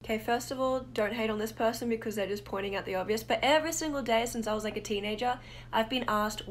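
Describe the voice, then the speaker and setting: A woman's voice: on the high side, fast, a little hiss or hum. Chatty Australian woman. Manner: chatty, joking, slang-heavy. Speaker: TikTok creator and studio owner. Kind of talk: casual self-filmed vlog.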